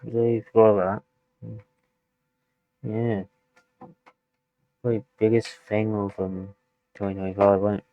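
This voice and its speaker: British man, low voice, casual reaction chat, dry close sound. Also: flat delivery, measured pace, long pauses, no room sound, phone-quality sound. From United Kingdom. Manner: loose and chatty, laughs easily, hedges with "like". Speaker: reaction video host.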